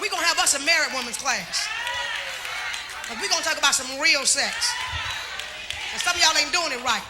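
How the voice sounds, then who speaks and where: A middle-aged woman preaching a sermon in a large church, shouting and joking as she calls out to the congregation. She keeps asking the crowd to answer her. A lively congregation and steady noise fill the live recording. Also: high voice, a little fast, pauses often, big-room sound. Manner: shouting, preaching with humor and call-and-response.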